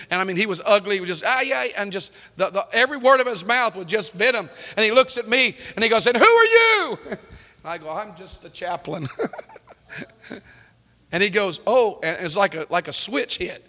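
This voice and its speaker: High, bright preacher in a reverberant church. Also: male voice. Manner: preaching with loud outbursts and storytelling asides. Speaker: pastor. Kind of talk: sermon.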